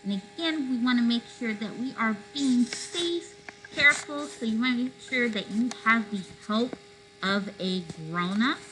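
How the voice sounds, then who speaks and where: Gentle woman teaching kids a craft. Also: a little high, unhurried. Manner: gentle, careful, safety-minded explaining. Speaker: children's craft instructor. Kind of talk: step-by-step craft instruction for kids. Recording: faint mains hum.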